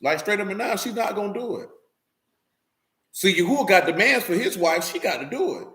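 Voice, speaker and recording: This preacher has a high-set voice and an expressive, brisk delivery with a bright, forceful tone. His sermon is casual and streetwise, blunt in wording, and he repeatedly checks whether the audience is following. Roomy echo fills the space.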